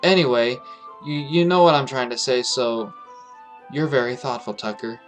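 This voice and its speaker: A man reading the lines of a shy, bashful teenage girl from a visual novel, soft-spoken and halting. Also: medium pitch, faint music behind, natural voice.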